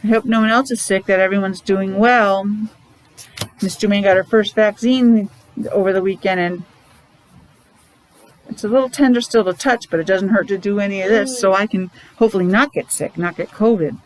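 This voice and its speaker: Woman, teacher, morning meeting for small children, encouraging sing-song, mid pitch, faint background hiss. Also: normal speed, rough recording.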